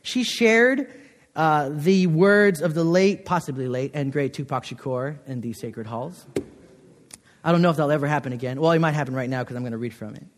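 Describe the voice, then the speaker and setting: A man's voice: on the high side, moderate pace. A young man giving a chapel sermon in a college chapel, talking in an earnest, conversational way with many fillers. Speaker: chapel speaker. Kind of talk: chapel sermon with personal story. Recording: long hall reverb.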